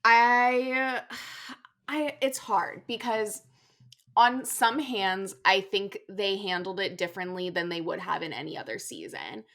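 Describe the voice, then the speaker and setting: A young woman co-hosting a casual chat show, tired and talking in an animated way with many fillers and restarts. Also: mid-range voice, slow pace. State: tired after a vaccine. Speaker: podcast co-host.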